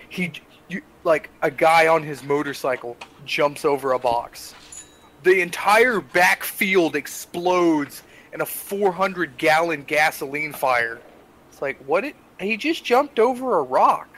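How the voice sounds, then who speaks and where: Animated young man telling a story. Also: on the high side, unhurried. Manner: animated storytelling, exasperated asides. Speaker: podcast co-host. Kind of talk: casual podcast chat.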